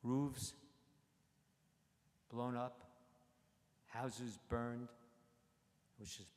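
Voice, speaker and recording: A man's voice: mid-range voice, steady tone, a little mellow. Older man speaking in a reverberant sanctuary. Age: 80s. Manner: plain, halting, conversational delivery. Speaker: congregant reporting on a trip. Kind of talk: personal storytelling address. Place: synagogue sanctuary. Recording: long reverb of a large sanctuary.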